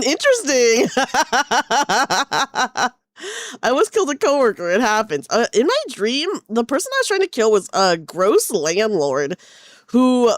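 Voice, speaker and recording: A woman's voice: mid-range voice, no room sound, clean studio sound. A young woman live-streaming, chatting casually and greeting viewers by name. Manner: bubbly, greets chat by name.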